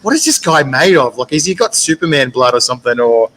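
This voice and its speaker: A man's voice: medium pitch, animated, quick pace, fairly bright tone, rough recording. A man hosting an interview, chatty and chummy, laughing often as he asks questions. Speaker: host. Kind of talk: casual interview chat.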